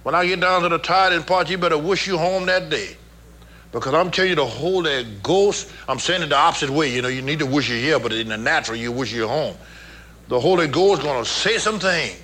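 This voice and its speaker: A pastor preaching to his congregation in a high, bright voice. He teases and jokes in a folksy way, then leads the in call-and-response. Each line comes with plenty of swing. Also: a little fast. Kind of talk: sermon.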